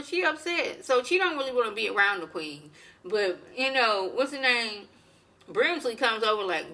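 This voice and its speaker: Bright-voiced chatty woman recapping a show. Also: a little high, normal speed. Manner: chatty, animated, colloquial, acts out quotes. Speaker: TV recap vlogger. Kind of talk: casual review chat.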